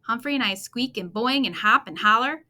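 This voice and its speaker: A woman reading a children's chapter book aloud at bedtime, expressive and playful, talking to young listeners. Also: fairly high pitch, moderate pace. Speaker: storytime reader.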